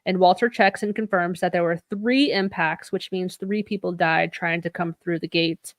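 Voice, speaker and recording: A woman's voice: on the low side, fairly even intonation, normal speed, dry recording. A woman co-hosting a podcast, recapping an episode in casual chat, swearing freely and acting out the characters' lines. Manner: chatty, swears casually, acts out quoted lines. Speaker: podcast co-host.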